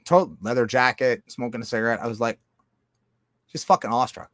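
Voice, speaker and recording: A man talking in a loose, profane, rambling monologue, jumping between loud outbursts and low mutters. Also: expressive, fast talker, no echo, studio quality. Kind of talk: casual monologue.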